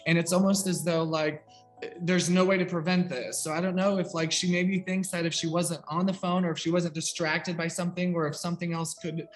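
A man's voice: a little high, flat delivery, fairly quick, faint music behind. A young man working as a psychic medium, giving a casual, rambling reading full of "like" and fillers. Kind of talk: casual spoken reading on a video call.

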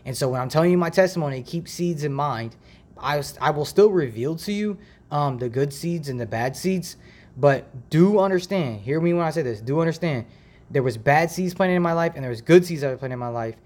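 A man's voice: on the high side, brisk. Chatty man from Ohio hosting a podcast. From Ohio, USA. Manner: rambling, chatty, relaxed slang. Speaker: podcast host. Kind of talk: casual faith podcast monologue. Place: makeshift home setup. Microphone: home podcast mic.

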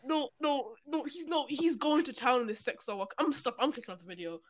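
A young man co-hosting a casual podcast, excitable and profane as he reads out odd news stories. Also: extremely high pitch, brisk, crowd noise. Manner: excitable, swearing, laughs while reading news. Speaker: podcast co-host.

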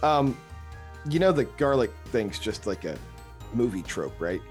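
A man's voice: mid-range voice, big pitch swings, unhurried, faint music behind. A man playing a tabletop role-playing game, talking playfully. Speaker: player.

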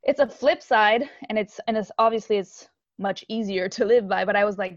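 A woman's voice: mid-range voice, moderate pace, no room sound. A woman from Haiti, a musician guest, talking candidly and animatedly in a casual interview over a video call. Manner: candid and animated, with frequent fillers and laughs. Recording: dull lo-fi video call audio.

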